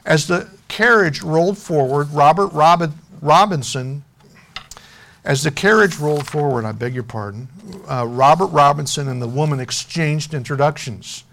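A man preaching a sermon, telling a story and making an earnest, softening appeal to his congregation. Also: a little high, moderate pace, vocal fry. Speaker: pastor.

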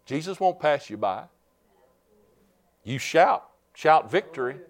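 Slow but animated, a male pastor delivers a fervent sermon in a fairly high voice, rising to shouts and calling out "Amen?" to his congregation.

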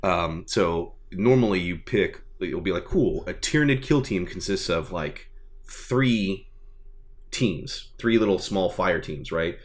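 A man chatting casually and excitedly about a tabletop game, rambling with lots of fillers. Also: deep voice, slow. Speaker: tabletop gaming enthusiast. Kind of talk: casual chat.

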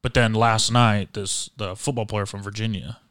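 A young man co-hosting a podcast, chatting casually with blunt, teasing, deadpan jokes. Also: lowish voice, normal speed, smooth, dry recording, clean studio sound. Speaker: podcast co-host. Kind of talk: casual chat.

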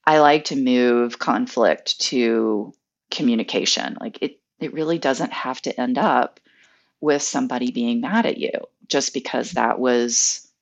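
A woman with a very deep voice and lots of vocal fry speaks in a relaxed, measured way. She sounds like a coach in a casual podcast conversation. The audio is dull and lo-fi, as if from a remote call.

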